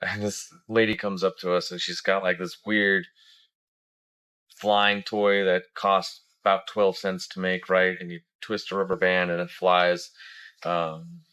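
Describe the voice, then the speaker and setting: A man's voice: sits low, unhurried, vocal fry, sharp tone, smooth. A man giving a casual travel review as a family vlogger, rambling with lots of fillers.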